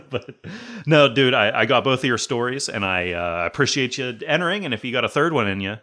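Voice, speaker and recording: A man's voice: medium pitch, lively intonation, moderate pace, pushed and bright. A male podcast host answering a voicemail in a friendly, joking way, laughing often. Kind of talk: casual podcast chat.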